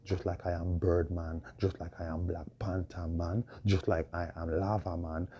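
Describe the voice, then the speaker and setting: A man with a hoarse voice, preaching a proclaiming monologue full of repeated rhetorical questions. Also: deep voice, flat delivery, moderate pace, mellow. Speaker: self-styled preacher. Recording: dull lo-fi recording with faint noise.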